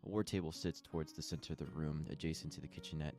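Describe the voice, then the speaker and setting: Deep-voiced man narrating as game master. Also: steady tone, fast, over music. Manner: descriptive scene-setting with frequent fillers.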